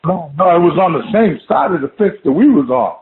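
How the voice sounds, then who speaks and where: A man casually telling a scary story of his own, animated and swearing, saying "man" at every turn. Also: fairly high pitch, brisk, a loud crowd. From Oklahoma. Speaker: guest telling an encounter story. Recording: phone-line call audio.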